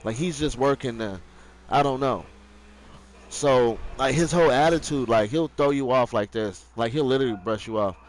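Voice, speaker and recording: A man's voice: mid-range voice, moderate pace, rough recording. A young man streaming live, telling a rambling story in casual, profane slang.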